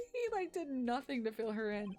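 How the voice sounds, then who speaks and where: A woman's voice: on the high side, a little mellow. A woman streaming a game, chatting in a giggly, rambling, self-mocking way. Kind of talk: casual game-stream commentary.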